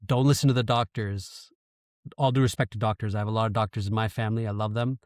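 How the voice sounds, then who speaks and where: A man's voice: on the low side, fairly even intonation, fast, no echo, studio quality. Candid man telling a personal story. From Canada. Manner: candid, emotional storytelling with frequent swearing. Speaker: guest. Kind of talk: casual storytelling interview.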